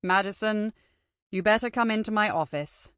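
A tired middle-aged headmaster, as a woman reading a story puts him on, resigned and firm. He speaks slowly and heavily, close to the reader's own plain voice. The recording is close and dry. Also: medium pitch, a bit bright, clear, resonant tone, dry recording, natural voice. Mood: weary.

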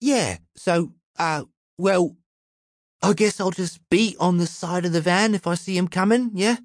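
A man's voice: a little slow, no room sound, clean studio sound. A man voicing a tall, nervous Cockney crook in an audiobook, fidgety and chatty. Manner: fidgety, chatty, pitched far above the narrator. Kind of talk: audiobook character voice.

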